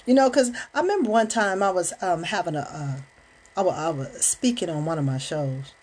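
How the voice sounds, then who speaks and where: Woman host, husky voice, lowish pitch, rambling casual monologue. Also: lively intonation, brisk, a little mellow. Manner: rambling and chatty, with many fillers and restarts.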